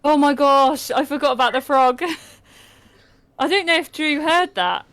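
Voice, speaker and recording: A woman's voice: high-pitched, unhurried, a bit bright, no echo. A British woman co-hosting a casual podcast, chatting and telling stories with plenty of laughter. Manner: chatty storyteller, laughs a lot. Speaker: podcast co-host. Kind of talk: casual chat.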